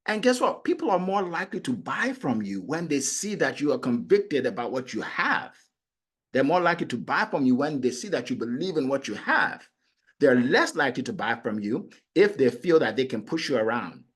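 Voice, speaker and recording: Animated, husky-voiced male sales coach. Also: mid-range voice, normal speed. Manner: animated, acts out clients and prospects in quoted voices. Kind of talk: motivational sales talk.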